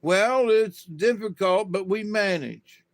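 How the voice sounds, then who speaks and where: A man's voice: sits high, slow pace, no echo, voice pushed up. A man voicing a whiny, anxious working man who frets and complains about the chaos around him. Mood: fretful. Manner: whining, flustered complaining.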